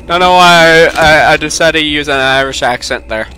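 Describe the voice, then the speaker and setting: A man's voice: on the high side, normal speed, sharp tone, a little hiss or hum. A man giving casual, goofy, rambling commentary while playing a game. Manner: goofy, rambling, jokey asides. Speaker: gameplay commentator. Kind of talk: casual let's-play commentary. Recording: game music behind the voice.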